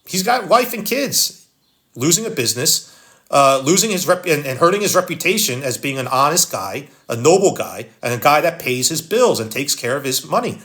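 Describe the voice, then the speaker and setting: Blunt Philadelphia man with a higher voice. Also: big pitch swings, normal speed, fairly bright tone. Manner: blunt, wisecracking, reads viewer comments aloud. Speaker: livestream host reading comments. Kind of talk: casual live-stream chat. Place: home, live stream.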